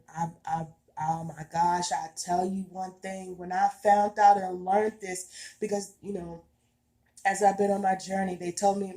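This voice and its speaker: A woman speaks straight to her viewers about spiritual growth in a casual, heartfelt way. She talks slowly, leaning on repetition for emphasis, and her voice has a dark, mellow tone. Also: fairly low pitch. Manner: earnest and emphatic, repeats herself, casual colloquial speech. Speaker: spiritual vlogger.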